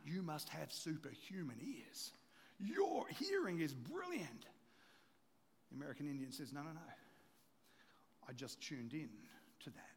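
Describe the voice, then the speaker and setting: A pastor preaches in an emphatic way, pressing the room with rhetorical questions and then sinking into quiet storytelling. His voice sits high for a man. A long reverb trails each line. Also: vocal fry, slight background noise. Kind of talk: sermon.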